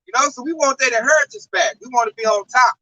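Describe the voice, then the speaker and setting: A man in a casual religious talk, preaching in an animated, profane way. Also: very high voice, quick pace, highs cut off. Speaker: religious talk show speaker.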